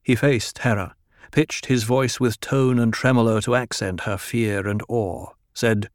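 A man narrating an audiobook in a calm, measured reading style. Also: mid-range voice, no echo, clean studio sound. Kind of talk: scripted narration.

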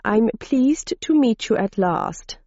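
Earnest Swedish lab scientist, woman, lifted higher voice, dull lo-fi recording, read by a woman narrator. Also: animated, slow pace, warm tone, dry recording, full character voice. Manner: polite, technical, eager to explain.

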